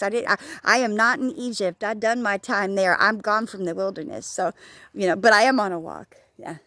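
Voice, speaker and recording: A woman's voice: medium pitch, moderate pace, fairly bright tone, no echo. A woman vlogging outdoors on a walk, talking frankly and rambling, swearing freely and joking at herself. She says she is hard of hearing. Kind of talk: casual talking-to-camera vlog.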